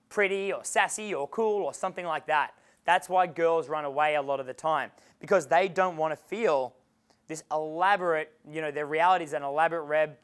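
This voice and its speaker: A man's voice: fairly high pitch, a bit bright, clean tone. Brash man lecturing a seminar crowd. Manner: brash, profane, casual, chuckles often. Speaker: dating coach. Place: seminar room with a live audience.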